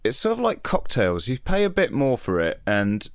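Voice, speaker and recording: A man's voice: medium pitch, huge pitch swings, moderate pace, no echo. A man hosting a podcast in a casual, rambling interview chat. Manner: chatty, rambling asides. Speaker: podcast host.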